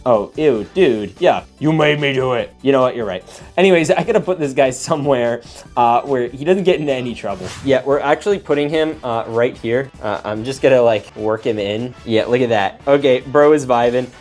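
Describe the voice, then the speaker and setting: A young man hosting a casual toy unboxing, talking in an excitable, slangy way as he reacts while building. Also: mid-range voice, normal speed, faint music behind.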